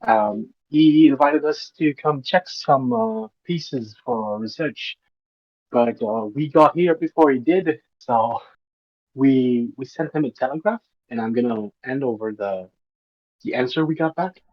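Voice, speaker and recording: Male player, husky voice, halting, dry lo-fi mic sound. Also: medium pitch, animated.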